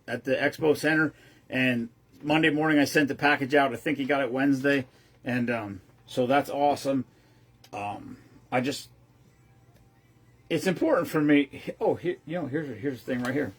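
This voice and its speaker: A man's voice: fairly high pitch, fairly bright tone, breathy edge. A man hosting his own show, telling a long-winded, rambling story casually with lots of restarts. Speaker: host of a veteran care-package group.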